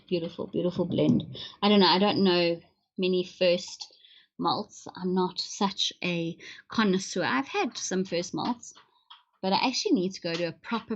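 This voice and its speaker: A woman's voice: lowish voice, lo-fi sound. A woman vlogging casually, playful and theatrical, often squealing in mock panic. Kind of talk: casual chat with filters, playful.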